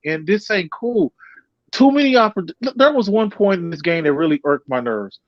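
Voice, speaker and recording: A man calling in to a casual sports talk show, heated and profane, with quick apologetic asides. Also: high-pitched, sing-song, no echo, highs cut off.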